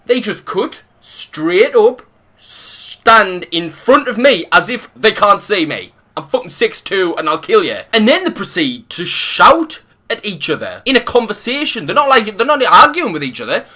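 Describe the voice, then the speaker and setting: A man's voice: high-pitched, big pitch swings, unhurried, bright, forceful tone. A young man telling a profane, ranting story while playing a game, full of comic insults. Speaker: gaming video host. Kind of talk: ranting storytime over gameplay.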